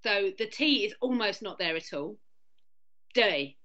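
Woman, Hackney accent, bright crisp voice, chatty and laughing, video call. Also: medium pitch, animated, normal speed, dull audio. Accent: Hackney London. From London. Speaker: podcast guest. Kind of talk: casual chat explaining accents.

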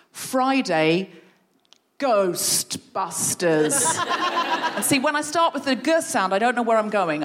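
A woman guest leading a playful creativity game for a live audience, encouraging and animated. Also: a little high. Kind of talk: live comedy podcast workshop. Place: stage before a live audience.

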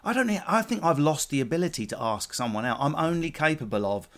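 A man's voice: on the high side, lively intonation, a bit bright. Rambling English man hosting a chat. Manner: rambling, self-mocking, quick asides. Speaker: podcast host. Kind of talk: casual comedic chat.

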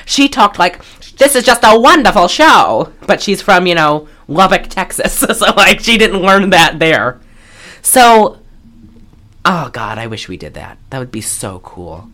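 A woman co-hosts a podcast, casually recapping a movie in an animated, profane way full of fillers and laughter. Her voice sits on the low side and her pace is slow.

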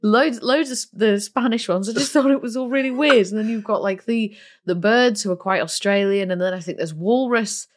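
A woman co-hosting a casual film podcast, animated and incredulous, laughing often as she talks. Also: mid-range voice, brisk. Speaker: podcast co-host.

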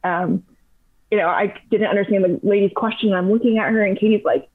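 A young woman in her twenties, a podcast guest, telling travel stories in a chatty, animated way with lots of "like". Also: mid-range voice, a little fast, breathy edge. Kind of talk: casual storytelling. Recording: tinny phone-like line.

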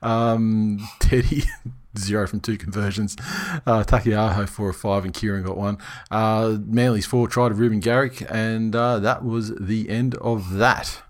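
A man's voice: fairly low pitch, steady tone, measured pace. A man co-hosting a podcast, recapping a rugby match with lots of restarts and swearing. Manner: stammering restarts, swearing, laughing. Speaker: podcast co-host. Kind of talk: casual chat, match recap.

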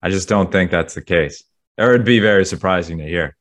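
A man's voice: deep voice, fairly quick, fairly bright tone. A man co-hosting a podcast in casual chat, rambling with many fillers. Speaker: podcast co-host.

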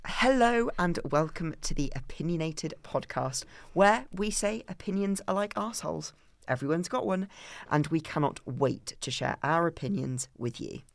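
Expressive man, lively pitch. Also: moderate pace, creaky, no room sound. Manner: expressive, gossipy. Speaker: podcast co-host. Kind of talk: casual chat.

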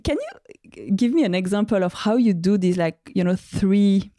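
A woman's voice: medium pitch, animated, moderate pace, dark tone, no echo, clean studio sound. A woman hosting a podcast interview, asking long, searching questions with casual fillers. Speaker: podcast host.

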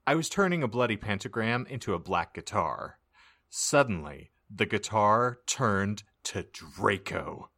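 A man's voice: lowish voice, a bit bright. A man co-hosting a comedy podcast, ranting sarcastically and reading a story aloud with theatrical flair. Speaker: podcast co-host.

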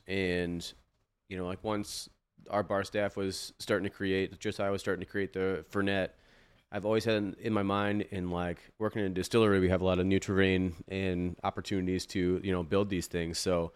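A man's voice: low-pitched, flat delivery, moderate pace, clean tone. A young man in casual podcast chat as a guest bartender, rambling and restarting his sentences in a laid-back way. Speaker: distillery bartender and liqueur maker, guest.

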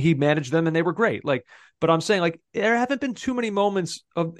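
A man's voice: on the high side, no room sound. A man co-hosting a football podcast, talking in an enthusiastic, casual way and laughing often. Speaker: podcast co-host.

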